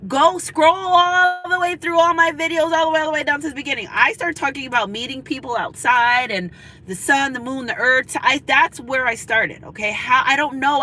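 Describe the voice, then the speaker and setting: A woman's voice: sits high, pushed and bright, a little hiss or hum, rough recording. A woman in her thirties, a spiritual reader, giving a casual, preachy pep talk to her viewers and repeating her points for emphasis.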